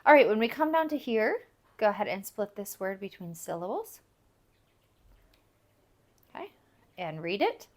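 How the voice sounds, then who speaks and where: A woman's voice: mid-range voice, very animated, normal speed, long pauses, darkish tone. A woman giving a recorded phonics lesson, patiently explaining step by step and repeating example words for learners. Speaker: language teacher.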